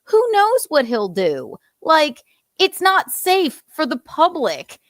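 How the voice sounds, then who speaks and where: A woman's voice: sits high, huge pitch swings, slow pace, a bit bright, no echo, studio quality. A woman hosting a podcast in casual chat, talking bluntly with heavy swearing. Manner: blunt, profane and heated. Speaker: podcast host.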